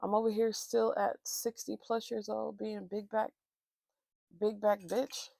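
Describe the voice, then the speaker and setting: Woman vlogger rambling thru a story, lots of swearing, bit of vocal fry, dead dry room. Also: medium pitch, level tone, measured pace, warm tone, no echo. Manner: candid, profane, rambling with restarts. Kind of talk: casual storytelling chat.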